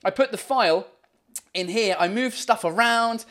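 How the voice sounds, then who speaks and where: Rambling, excitable man hosting a live show. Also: sits high, normal speed. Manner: chatty and rambling with frequent fillers; excitable, swears casually. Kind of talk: casual chat. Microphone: microphone.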